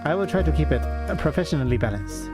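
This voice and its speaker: A man's voice: on the high side, animated, fast talker, close to an everyday voice. A man streamer putting on a French accent, playing a grandiose, mock-formal Frenchman. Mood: theatrical. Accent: put-on French. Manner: theatrical, grandiose phrasing. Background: loud music.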